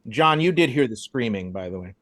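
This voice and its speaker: A man narrates a tabletop game as game master, his pitch moving in a lively way. He hesitates with small fillers between lines. The recording is close and dry. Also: brisk, no echo.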